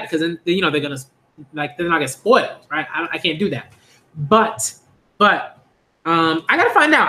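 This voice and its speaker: A man casually rambling on a manga reaction stream, full of fillers and repeats, breaking into high laughing bursts. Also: pushed and bright, roomy sound.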